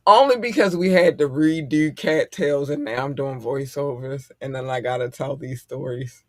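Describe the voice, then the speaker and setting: A middle-aged man hosting a casual podcast chat, animated and profane and quick to laugh. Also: mid-range voice, no room sound, studio quality. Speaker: podcast host.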